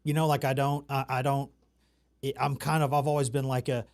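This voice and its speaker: A man's voice: medium pitch, little pitch movement, fairly quick. A man from the American South hosting a casual chat, talking in a loose, rambling, self-mocking way. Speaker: talk show host.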